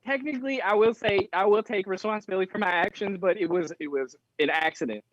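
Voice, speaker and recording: A man voicing a small excitable male rat familiar who yelps and apologizes a lot. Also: high-pitched, quick pace, no room sound, dull audio, lightly acted. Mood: eager. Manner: eager, apologetic, yelps often.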